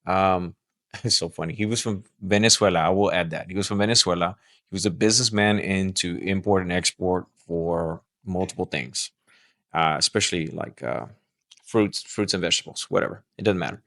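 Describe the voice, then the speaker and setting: A middle-aged man, a pastor and podcast guest, telling a story in an animated way with frequent restarts. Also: low voice, brisk, dry recording, clean studio sound.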